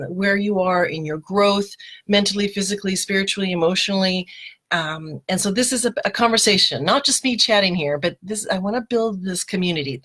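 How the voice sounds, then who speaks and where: A woman's voice: medium pitch, a bit bright. A middle-aged woman hosting a casual live video show, chatty and laughing often as she greets viewers by name. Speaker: host of a live mindset show. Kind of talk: casual live-stream talk. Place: home, live video broadcast. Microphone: webcam or phone.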